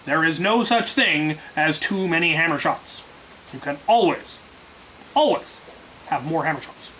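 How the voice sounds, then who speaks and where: A man's voice: sits high, pushed and bright, low-quality recording. A man hosting a casual viewer Q&A, answering in a dry, offhand way with restarts and fillers. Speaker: host answering viewer questions. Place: workshop. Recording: faint hiss.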